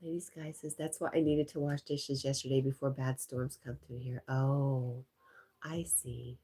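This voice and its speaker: A woman hosting a casual livestream, chatting and reading viewer comments aloud. She sounds stuffy-nosed and talks softly to her dog between comments. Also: extremely low pitch, little pitch movement, moderate pace. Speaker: livestream host.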